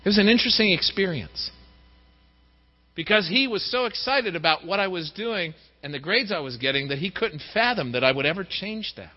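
Middle-aged male preacher, high-pitched and expressive; muffled sound with long hall reverb. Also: fairly quick. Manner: lively, acts out quoted voices. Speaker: pastor. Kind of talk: sermon. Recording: dull recording in a reverberant hall.

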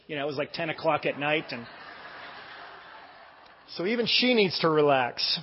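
A middle-aged American pastor with a somewhat high voice who preaches in a relaxed, story-driven way, full of "uh"s and restarts. The sound is a bit muffled and carries a long hall reverb from the church. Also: male voice, brisk. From United States. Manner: conversational storytelling with many fillers and restarts. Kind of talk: casual sermon.

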